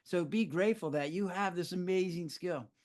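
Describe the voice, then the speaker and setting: An older man with a somewhat high voice talks in a relaxed interview. He tells lively stories and acts out his own surprised reactions. He explains with the ease of a physician who has said this many times. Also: moderate pace. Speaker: physician guest. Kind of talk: conversational interview.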